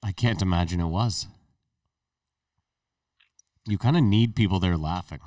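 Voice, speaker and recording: Low-voiced teasing man on a podcast. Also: unhurried, darkish tone, no echo, studio quality, far from the mic. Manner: teasing, storytelling, swears. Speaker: podcast co-host. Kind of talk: casual chat.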